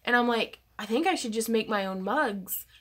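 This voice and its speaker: A chatty woman hosts a casual craft livestream. She talks in a fairly high voice, giggles often, and reads viewer comments aloud. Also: expressive, moderate pace, a bit bright.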